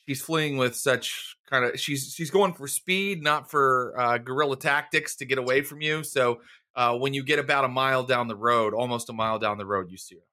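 Man, game master, bright forceful voice, halting good-humored chat. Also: mid-range voice. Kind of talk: narrating a tabletop game.

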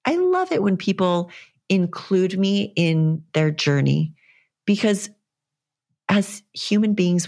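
A young woman hosts her own fitness podcast, talking on her own in a rambling, earnest and encouraging way. Her voice sits low, with a gravelly fry running through it. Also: darkish tone. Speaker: fitness coach and podcast host. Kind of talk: casual solo podcast monologue.

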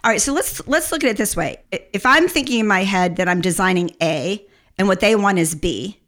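A middle-aged woman speaking as a podcast guest, candid and animated and often breaking into laughter. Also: medium pitch, brisk. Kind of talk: candid conversational interview.

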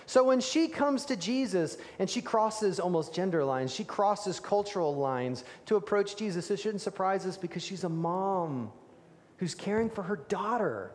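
A man preaching a sermon, telling the story with animated emphasis and dropping to hushed tones for key moments. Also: high voice. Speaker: pastor. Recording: reverberant hall.

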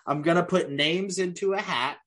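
A man's voice: high-pitched, moderate pace, a bit bright. A man co-hosting a casual podcast, joking, laughing often and drifting into tangents. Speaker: podcast co-host. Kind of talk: casual chat.

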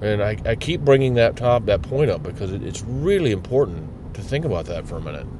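Low-voiced man ranting profanely while driving. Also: very animated, brisk. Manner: profane, blunt, rambling. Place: in a car. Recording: car road noise behind. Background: road rumble.

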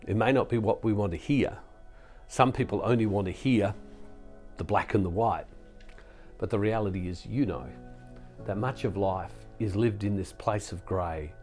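A man's voice: on the low side, darkish tone. A man giving an earnest, reflective spiritual talk to believers, often restarting his sentences. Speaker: Catholic speaker and preacher. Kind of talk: sermon-style spiritual talk.

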